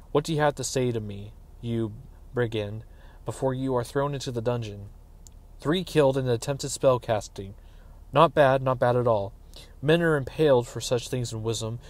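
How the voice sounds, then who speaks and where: A man reading aloud, voicing a gruff, officious middle-aged castellan in a fantasy story. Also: close to an everyday voice. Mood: stern. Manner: exclaiming, higher and louder than the narration. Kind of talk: dramatic audiobook reading.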